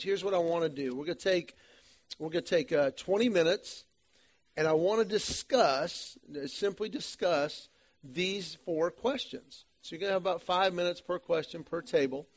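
Animated male group-study leader. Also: fairly high pitch, lo-fi sound. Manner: animated storytelling, self-deprecating humor. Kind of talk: church small-group teaching talk.

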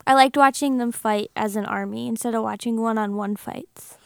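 A lively woman co-hosting a relaxed podcast chat, laughing easily between her remarks. Her voice sits a little high for a woman. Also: normal speed, gravelly, smooth, no echo, clean studio sound. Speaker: podcast co-host. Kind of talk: casual chat.

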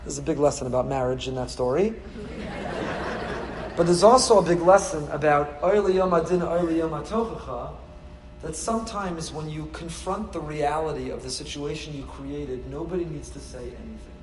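A man's voice: fairly high pitch, normal speed, roomy sound, noisy background. Man preaching with rhetorical questions. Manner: rhetorical questions, repetition, dramatic swings in volume; storytelling, acts out quoted voices. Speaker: rabbi. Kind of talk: sermon.

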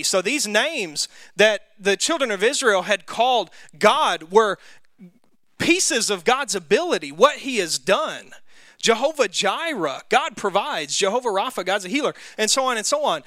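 A man's voice: high-pitched, bright, forceful tone, no echo, studio quality. A man with a Southern US accent teaching a Bible class, casually quizzing the group and poking fun at himself. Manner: conversational, quizzes the group, self-deprecating.

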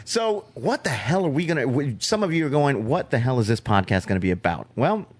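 A man's voice: mid-range voice, very animated, brisk, breathy edge. Joking male podcast host. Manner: joking, teasing banter. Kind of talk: casual podcast chat.

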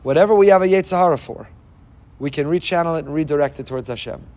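Rabbi guy preaching hard, kinda high voice, lots of questions, long echo in the hall. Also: quick pace, darkish tone. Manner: impassioned, rhetorical questions, Hebrew phrases. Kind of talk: sermon.

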